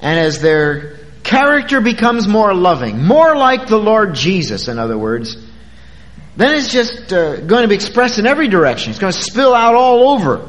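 A pastor preaching to his congregation in a high, lively voice that swoops up and down. He talks to them conversationally, drawing out important words for emphasis. A long reverb from the church sanctuary hangs behind him. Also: moderate pace. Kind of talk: sermon.

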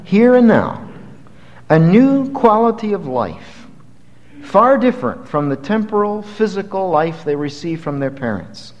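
A man preaching a sermon, emphatic, slowing down on key words and building to forceful high peaks. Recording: dull lo-fi sound with long hall reverb.

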